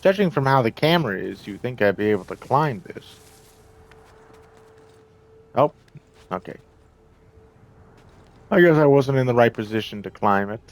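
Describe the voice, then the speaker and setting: A man's voice: mid-range voice, expressive, normal speed, long pauses. A man giving casual, self-mocking let's-play commentary, reacting to the game and swearing now and then. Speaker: gameplay commentator.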